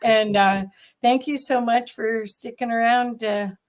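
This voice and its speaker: A woman hosting an interview, speaking in a halting, enthusiastic way with many pauses. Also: fairly high pitch, steady tone. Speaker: host. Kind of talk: casual interview talk.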